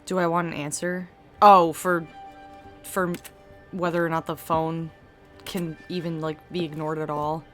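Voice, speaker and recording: A woman's voice: sits low, level tone, unhurried, pauses often. A woman streamer giving chatty, giggly commentary over a game. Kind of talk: casual gameplay commentary. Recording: stream audio with game music behind.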